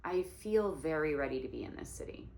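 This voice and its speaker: A woman in her forties, an actress and singer, telling a story in an animated way and acting out the voices of the people in it. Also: low voice, a little fast, creaky. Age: 40s. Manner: animated, acts out quoted voices. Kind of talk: storytelling monologue. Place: indoor room in New York. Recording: roomy echo.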